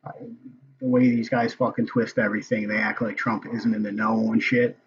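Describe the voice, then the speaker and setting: Guy ranting n cursing at what he's watching, lowish voice, muffled lo-fi audio. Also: flat delivery, moderate pace. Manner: profane, angry ranting. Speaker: political commentator. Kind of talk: casual recorded commentary.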